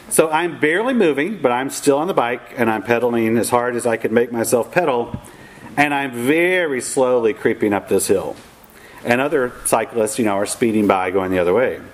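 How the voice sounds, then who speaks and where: A man's voice: mid-range voice, slight background noise, poor audio. A middle-aged man telling a funny personal story in a wry, self-mocking way, acting out the voices of the people in it. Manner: wry, self-mocking, animated quoting of others.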